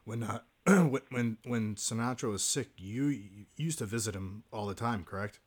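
A man's voice: fairly low pitch, normal speed, breathy edge. A man hosting an interview, asking short questions with hesitant restarts. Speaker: interviewer host.

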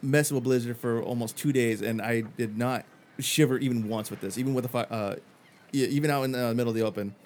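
A man doing a boastful mercenary pitchman, Fillmore. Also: fast, a little mellow, close to an everyday voice. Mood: boasting. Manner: boastful sales pitch, rambling. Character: boastful male mercenary salesman, pushy.

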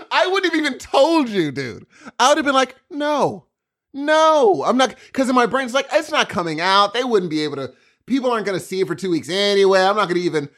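A man co-hosting a podcast, joking around in casual chat and laughing easily. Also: sits high. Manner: animated, jokey, quick to laugh. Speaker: podcast co-host.

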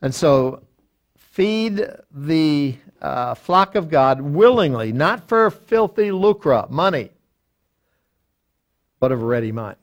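A man's voice: fairly high pitch, lively intonation. An older man, a pastor, teaching a Bible study verse by verse, quoting reference books aloud and often restarting with fillers. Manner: deliberate, quotes lexicons aloud, frequent fillers and restarts.

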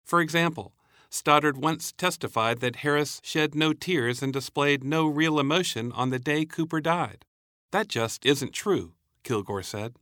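A man reading a scripted news narration in a measured, even way. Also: a little high, no echo, clean studio sound.

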